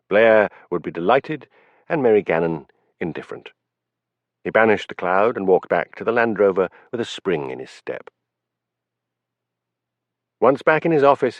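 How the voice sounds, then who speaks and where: A man narrating an audiobook with a low voice and a lively, expressive rise and fall. The sound is dry and close, with a dull, lo-fi tone. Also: dry recording. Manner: expressive storytelling.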